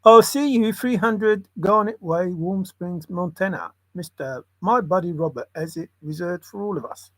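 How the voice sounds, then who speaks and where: A man's voice: high-pitched, normal speed, hardly any pauses, a bit bright, dry recording. A man rambling in a solo monologue, muttering to himself and breaking into sudden exclamations. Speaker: channel host.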